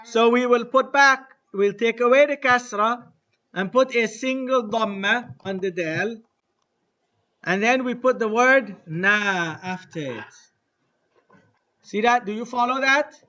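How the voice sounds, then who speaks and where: A man teaching an Arabic lesson to a class, drilling phrases slowly and having students repeat. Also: very high-pitched, bright, forceful tone, muffled recording. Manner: slow, deliberate drilling with repetition to the class. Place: mosque classroom.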